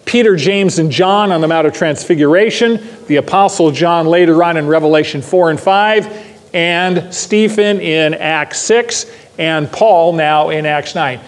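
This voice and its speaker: Older male pastor, sermon, emphatic and repetitive, high voice with long room reverb. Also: measured pace. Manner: emphatic, repeats key phrases, asks the class questions. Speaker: pastor teaching a Bible class.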